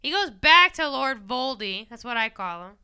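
Young female podcast co-host, high pitched, bright, playful storyteller. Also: moderate pace, clean tone. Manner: playful, animated storytelling with goofy character voices. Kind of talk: casual podcast chat.

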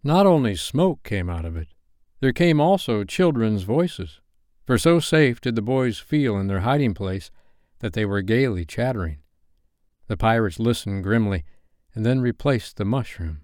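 A man calmly reading a classic novel aloud as a bedtime story. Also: fairly low pitch, unhurried, no room sound, studio quality.

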